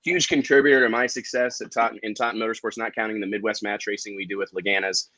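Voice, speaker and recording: A man's voice: fairly low pitch, fairly even intonation, quick pace, sharp tone, no echo, rough recording. A man hosting a casual live-stream chat, talking loosely with fillers. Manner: chatty, hesitant with fillers. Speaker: livestream host.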